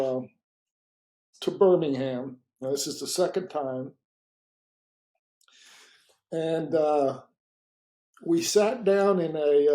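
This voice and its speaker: A man telling a story in an interview, in a halting way with many repeats and fillers, and lively when he retells conversations. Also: fairly high pitch, poor audio. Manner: animated when retelling dialogue. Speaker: interview guest.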